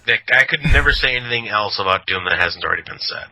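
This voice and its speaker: A man's voice: lowish voice, lively intonation, fast, pushed and bright, low-quality recording. A man co-hosting a podcast in casual chat, joking crudely and swearing freely. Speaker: podcast co-host.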